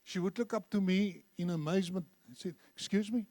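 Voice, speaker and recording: Older male preacher in his seventies, high voice, dry close sound, lively storytelling sermon. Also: fairly quick, no room sound. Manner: animated storyteller, acts out dialogue. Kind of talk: sermon with told anecdotes. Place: church.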